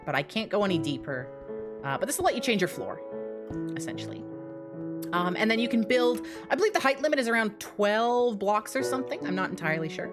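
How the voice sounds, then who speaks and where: A young woman streaming live, out of breath and rushing through an excited walkthrough of her game mode, laughing between phrases. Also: medium pitch, music in the background.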